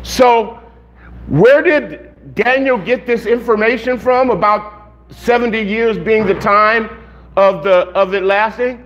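High-voiced pastor preaching slowly. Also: male voice, a bit bright, muffled recording, slight background noise. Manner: conversational, restarts and repeats phrases. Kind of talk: sermon.

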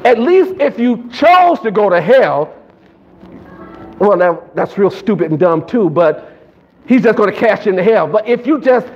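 In a church service with the congregation present, a male preacher speaks in a high, very animated voice with a breathy edge at a moderate pace. He mixes playful jokes with call-and-response, recorded a bit dully with faint background noise.

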